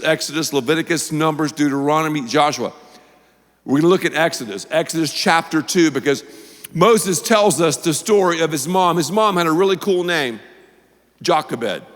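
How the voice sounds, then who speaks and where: A man's voice: on the high side, a bit bright. A man preaching a sermon as pastor in a church, emphatic and conversational, with punchy asides. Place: church auditorium. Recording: long reverb from the hall.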